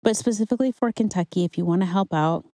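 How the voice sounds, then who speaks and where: Low-voiced earnest woman sharing a testimony. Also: fast talker, mellow, dry recording, studio quality. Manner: earnest, conversational, faith-filled. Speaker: vlogger. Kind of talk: personal testimony to viewers.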